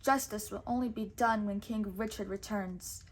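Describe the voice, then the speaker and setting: A woman's voice: medium pitch, fairly even intonation, normal speed, close to an everyday voice. A woman voicing a brave, dashing male outlaw who speaks in bold heroic declarations in a storybook.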